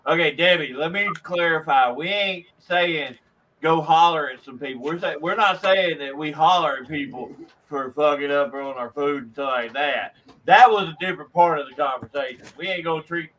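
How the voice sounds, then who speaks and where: A man's voice: a little high, normal speed, a bit bright. A man on a video call, blunt and profane, teasing his co-hosts in casual chat. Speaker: podcast co-host. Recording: noisy call audio.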